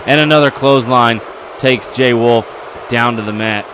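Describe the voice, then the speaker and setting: A man giving excitable play-by-play commentary over a wrestling video game, getting louder at the big moments. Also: mid-range voice, moderate pace, noisy background. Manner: excitable, building to yelling at near falls.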